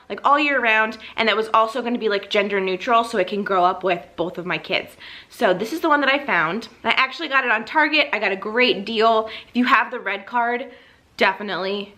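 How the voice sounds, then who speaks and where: Young woman vlogger, bright and bubbly, slightly breathless, casual to-camera chat. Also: a little high. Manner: bubbly, gushing, frequent "like". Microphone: camera mic, seated.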